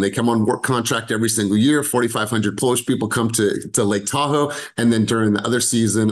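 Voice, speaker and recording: Lively American man coaching a sales team, swinging pitch, demonstrating tones. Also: rough recording. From United States. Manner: animated, acts out tones of voice. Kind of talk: live team coaching session.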